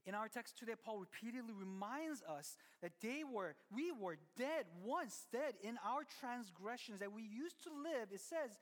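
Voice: mid-range voice, lively intonation, moderate pace, few pauses. Preacher telling a story in a reverberant hall. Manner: conversational, with many restarts and asides to the listeners. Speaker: pastor. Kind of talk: sermon storytelling. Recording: long reverb of a large hall.

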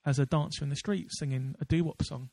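A man's voice: on the high side, steady tone, quick pace, a little mellow, no echo. A man co-hosting a podcast in casual chat, rambling with many fillers and restarts. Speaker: podcast co-host.

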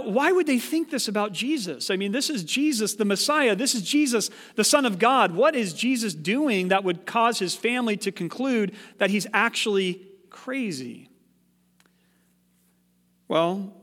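A man preaching a sermon as pastor, animated, with rhetorical questions. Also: sits high, big-room sound.

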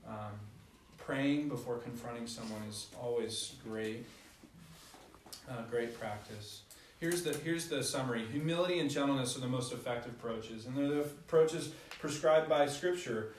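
A man's voice: medium pitch, moderate pace, distant mic, a little hiss or hum. A young adult man preaching a conversational sermon, telling stories with self-deprecating humor. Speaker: pastor. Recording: echoey hall, voice from afar.

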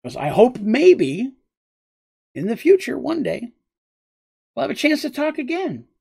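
A man voicing a polite gentleman who visits a princess, in formal and hopeful words. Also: very high voice, wildly swooping pitch, unhurried, creaky, breathy edge, no room sound, clean studio sound, pitched above the performer's own voice, heavily acted.

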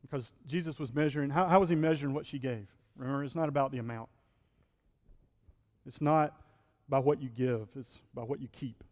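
A man's voice: mid-range voice, brisk, a little mellow, long reverb tail. A male pastor preaching a sermon in a conversational style, acting out quotes and building to fervent peaks.

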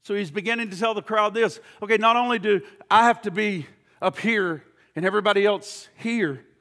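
A man preaching a sermon in a notably high, bright voice. He builds to loud, fervent passages, then drops to hushed, intense stretches, often repeating words as he presses his point. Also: fairly quick. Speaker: pastor.

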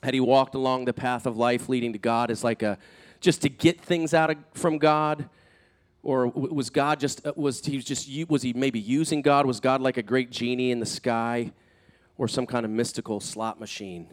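A man gives a sermon as pastor at medium pitch and moderate pace, talking conversationally with fillers and restarts. Animated, he acts out quoted speakers and alternates between loud, emphatic high points and soft, hushed asides.

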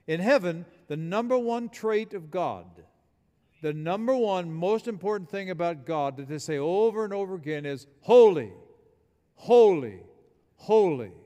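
Male pastor, fervent sermon delivery, higher-pitched voice, reverberant sanctuary. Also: a little mellow. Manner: emphatic preaching with call-and-response. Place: church building.

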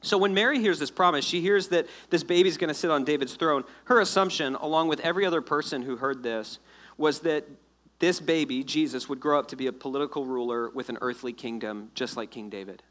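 A man preaching a sermon to his congregation, explaining scripture in a lively, joking way and acting out the people in the story. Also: a little high, a little fast. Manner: animated, jokey storytelling with acted-out asides. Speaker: pastor.

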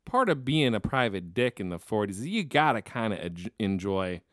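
A man's voice: on the low side, big pitch swings, no room sound, studio quality. Easygoing man in casual banter. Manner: easygoing banter, quick agreeing interjections. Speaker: podcast co-host. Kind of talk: casual film discussion.

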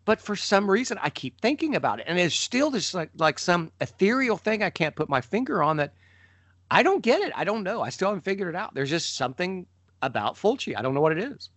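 A middle-aged man co-hosting a podcast, telling stories in a lively way and jumping up in pitch when he mimics people. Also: a little fast, dry recording. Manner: animated storyteller, mimics voices with sudden pitch jumps. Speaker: podcast co-host. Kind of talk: casual conversation.

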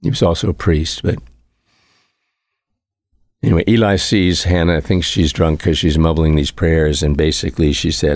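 A man's voice: rumbling low, fairly even intonation, moderate pace, a little mellow, dry recording, clean studio sound. A male priest delivering a conversational homily, reflective in tone and repeating his key phrases for emphasis.

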